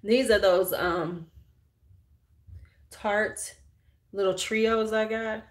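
A woman's voice: mid-range voice, fairly even intonation, drawn-out words. Frank, bawdy middle-aged woman. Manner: frank, bawdy, joking with viewers. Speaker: beauty livestream host. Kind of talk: casual chat while doing makeup.

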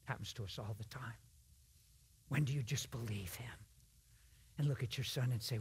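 A man giving a sermon in a church, swinging from hushed whispers to loud shouted emphasis and acting out conversations in other voices. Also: medium pitch, normal speed, long pauses, a little hiss or hum. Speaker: guest preacher.

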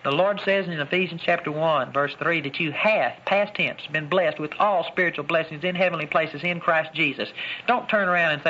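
A man teaching a Bible lesson in an emphatic preaching style, repeating key phrases and slowing down to stress words. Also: a little high, pushed and bright, muffled recording.

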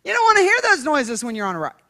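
A woman evangelist telling a folksy, humorous story in a sermon, swinging between hushed asides and shouted preaching. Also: high-pitched, huge pitch swings, quick pace.

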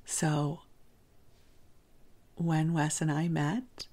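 A woman hosting a bedtime podcast, telling a personal story in a gentle, often whispery voice. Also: low-pitched, level tone, extremely slow. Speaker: podcast host. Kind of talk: soft-spoken bedtime storytelling.

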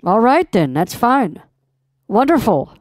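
A woman's voice: fairly high pitch, big pitch swings, slow, darkish tone, dry recording, studio quality. A woman posing as a customer on a prank call, confrontational and demanding, swearing when annoyed. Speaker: scam baiter posing as a customer.

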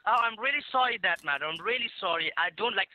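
A man's voice: high-pitched, animated, fast, sharp tone. A man on a phone call, pleading and repeatedly saying "madam". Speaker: scam caller. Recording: tinny phone line.

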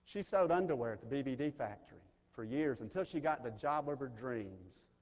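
A middle-aged pastor from Mississippi, preaching an earnest, personal sermon that swells in intensity. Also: male voice, medium pitch, lively intonation, brisk, a little mellow. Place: large chapel. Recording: chapel recording with long reverb.

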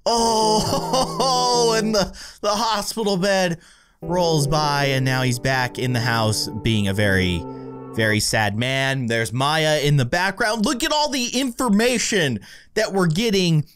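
A man talks through a game in casual commentary, his pitch swooping up and down. He reacts aloud, exclaiming and chatting freely. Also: animated, measured pace, music in the background. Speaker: gaming video host.

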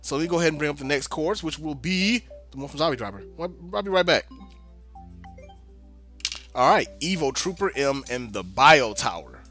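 A man's voice: a little high, expressive, normal speed, sharp tone. A young man giving casual commentary while playing a video game, talking to himself in exasperated mutters. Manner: talkative, exasperated muttering, playful drawl. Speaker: let's play gamer. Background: game music.

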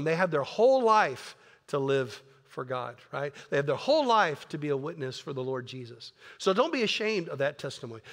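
A man's voice: a little high, fairly bright tone, long reverb tail. A man pastor preaching a sermon in an earnest, conversational way, often repeating words. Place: church sanctuary.

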